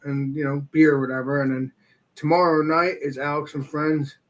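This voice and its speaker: A man's voice: a little high, flat delivery, fairly quick, poor audio. A man chatting casually as a guest on a livestream, meandering and repeating himself with lots of fillers. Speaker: guest streamer.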